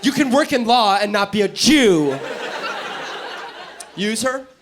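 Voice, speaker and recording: Speaking slowly in a high, expressive voice, a New Yorker works the crowd at a comedy club. He is brash and profane, needling audience members, captured in a noisy live recording.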